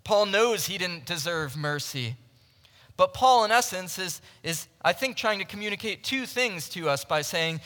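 A man preaching a sermon to a room of listeners, earnest and conversational, with frequent restarts and swings between loud emphasis and hushed moments. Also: high-pitched, animated, normal speed. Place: large room with a live audience. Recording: long reverb from a large hall.

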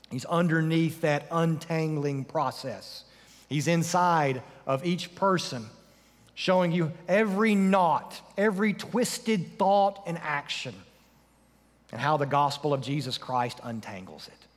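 A man preaching a sermon, asking rhetorical questions and dropping his voice low for emphasis. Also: in a large hall. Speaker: pastor.

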